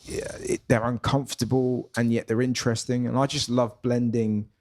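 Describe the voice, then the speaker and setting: A man's voice: medium pitch, steady tone, moderate pace, a little mellow. A man, a guest comedian talking in a reflective, musing way that often trails off and restarts. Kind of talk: casual conversation.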